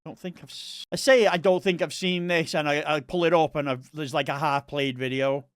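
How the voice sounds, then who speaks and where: Young East Scottish male streamer, rambling casual chat, smooth resonant voice. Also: on the high side, steady tone, a little fast, no echo, studio quality. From Scotland. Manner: chatty and rambling, talks to chat viewers.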